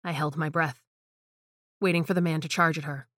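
Woman narrator for a horror story, hushed and tense, lower voice, dry close read. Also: fairly even intonation, normal speed, no echo.

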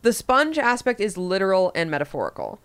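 A woman's voice: medium pitch, a little fast, clear, resonant tone. A woman co-hosting a comedy podcast in casual chat, acting out quoted lines in different voices, with a New York accent. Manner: animated, acts out quotes in varied voices. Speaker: podcast co-host.

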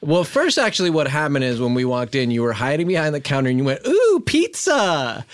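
A man co-hosting a comedy podcast, dropping dry, deadpan asides. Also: mid-range voice, fast, no echo. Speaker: podcast co-host. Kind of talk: improvised comedy podcast banter.

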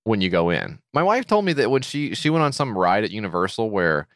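Low-voiced sarcastic male podcast host. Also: sing-song, fairly quick, a bit bright, no echo, clean studio sound. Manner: jokey, sarcastic, swears freely; reads listener emails aloud. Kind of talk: casual podcast chat.

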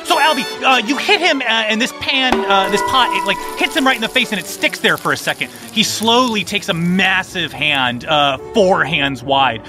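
A man's voice: high-pitched, animated, moderate pace, hardly any pauses, over music. A man narrating as game master in a tabletop game, loose and playful with many fillers.

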